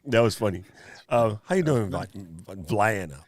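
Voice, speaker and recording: A man's voice: lowish voice, expressive, moderate pace, noisy background. A man hosting a live video stream, joking and bantering with his chat. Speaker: livestream host. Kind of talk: casual livestream chat.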